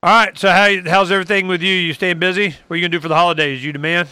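Male talk host, very bright crisp voice, dry close sound, rambling sarcastic delivery. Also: high voice, rapid-fire, no echo. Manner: rambling, animated, sarcastic asides. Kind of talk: casual political talk.

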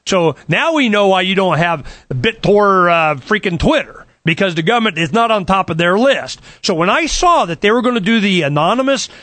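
A man telling a long story in an excited, sarcastic rant, acting out what others said to him. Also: high-pitched, moderate pace, hardly any pauses, no room sound. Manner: excited, sarcastic, quotes others in retold dialogue. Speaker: political campaigner.

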